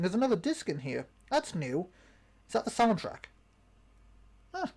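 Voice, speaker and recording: High-voiced chatty young man. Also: huge pitch swings, normal speed, pauses often, darkish tone, breathy edge. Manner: rambling, chatty, with many ums and restarts. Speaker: channel host. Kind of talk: casual unboxing vlog chat.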